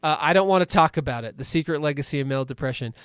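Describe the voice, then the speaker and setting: A man in his forties, a recovery coach, talking in a casual podcast interview with lively stories and many asides. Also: on the high side, rapid-fire, smooth, no room sound, studio quality. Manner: animated storytelling with many asides, "like" and "right?".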